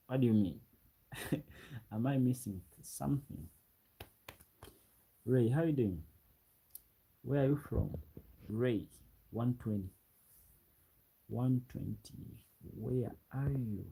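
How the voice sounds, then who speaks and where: A man's voice: mid-range voice, slow, creaky, pauses often, mellow, breathy edge, low-quality recording. A man from Uganda with a Ugandan English accent, chatting casually on a late-night live stream and reading out viewer comments. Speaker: livestreamer. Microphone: ring light setup, webcam.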